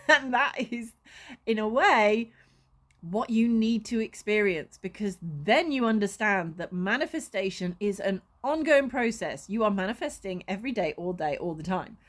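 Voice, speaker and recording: Passionate high-voiced woman vlogging. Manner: passionate, emotional, laughs often, swears. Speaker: spiritual coach and vlogger. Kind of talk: casual vlog talk to camera.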